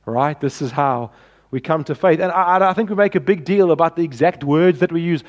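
A pastor preaching a sermon, earnest and pleading, often dropping softly at the ends of phrases. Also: male voice, fairly high pitch, normal speed.

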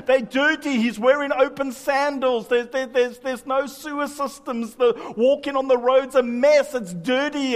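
A pastor delivers his sermon in a conversational, humorous way. His voice sits high for a man. It rings out with the long echo of a church hall. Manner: humorous, conversational preaching with many asides.

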